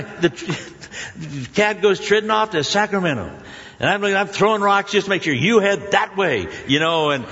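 A man preaching a sermon, telling a personal story with lively shifts between loud exclamations and hushed, prayerful tones. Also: fairly high pitch. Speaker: pastor. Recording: muffled sound with long hall reverb.

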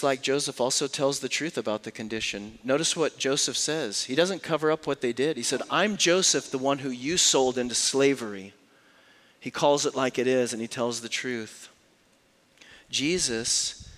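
A man preaching a sermon as a pastor, swinging between hushed, slow lines and loud, raised passages. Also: medium pitch.

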